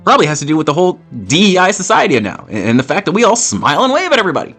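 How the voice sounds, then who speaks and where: A gaming host in full rant, a man who swears freely and circles back over the same words. His voice sits a little high and jumps all over the place as he gets worked up. Soft game music plays underneath. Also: very fast. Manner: animated, profane, repeats himself. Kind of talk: ranting commentary over gameplay.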